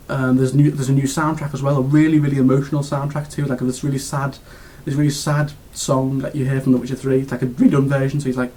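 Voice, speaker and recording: A man's voice: medium pitch, darkish tone. A British man giving a casual video game review, gushing and rambling with lots of restarts and fillers.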